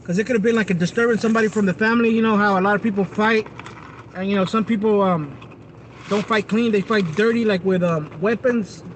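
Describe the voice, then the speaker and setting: High-voiced man rambling to his stream. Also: steady tone, fast talker, slight background noise. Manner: rambling, chatty, addresses viewers directly. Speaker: live streamer. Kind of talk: casual livestream chat with viewers.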